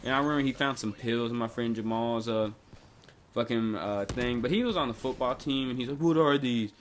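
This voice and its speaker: A man's voice: medium pitch, fairly quick, slight background noise. A young man vlogging a casual storytime, rambling and laid-back, with lots of "like" fillers.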